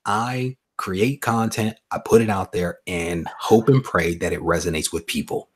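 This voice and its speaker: Man, low voice, husky, casual live-stream chat, joking and earnest. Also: measured pace. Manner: joking then earnest, talks about consistency and inspiration. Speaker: guest YouTuber.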